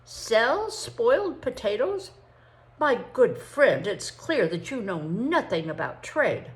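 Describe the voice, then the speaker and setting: A woman's voice: on the high side, very animated, slow pace, pitched above the performer's own voice. A grandmother reading aloud voices a heavy, fretful Yankee trader man who groans and complains about his ruin. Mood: incredulous.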